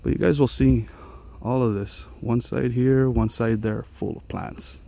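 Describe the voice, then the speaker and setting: Excited man touring his outdoor garden. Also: mid-range voice, a little slow, vocal fry. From Los Angeles area. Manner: enthusiastic, chatty, addresses viewers as guys. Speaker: gardening vlogger. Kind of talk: casual garden walkthrough vlog. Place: outdoors on a mountain trail garden.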